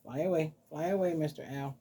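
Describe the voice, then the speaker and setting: A woman hosting a casual vlog, talking softly and playfully to her dolls as if they were children. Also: sits low, fairly quick, breathy edge. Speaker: doll collector vlogger. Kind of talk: casual doll-play vlog.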